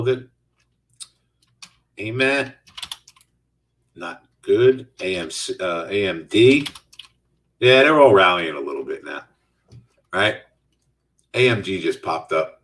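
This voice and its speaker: A man's voice: fairly low pitch, big pitch swings, takes it slowly, pauses often, fairly bright tone, far from the mic. A middle-aged man hosting a live trading stream, talking casually and answering viewer chat as he trades. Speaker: stock trading host.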